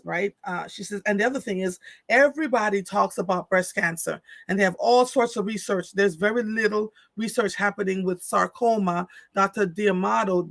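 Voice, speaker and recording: A man's voice: sits high, creaky, a bit bright, no echo. A man hosting a live stream, reading out viewer comments and responding in an earnest, emphatic way, often repeating phrases for stress. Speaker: live show host.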